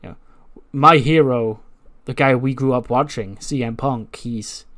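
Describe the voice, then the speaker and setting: A man voicing a quietly dissatisfied female tag team champion, speaking low and reflective. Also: a little slow, lightly acted. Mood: brooding.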